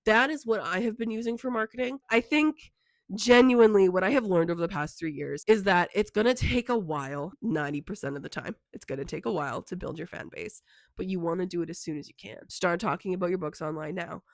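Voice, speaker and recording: Congested from being sick, a young woman who writes indie books and vlogs about them gives casual, encouraging advice peppered with fillers. She speaks a little fast in a medium-pitched voice, with no room sound.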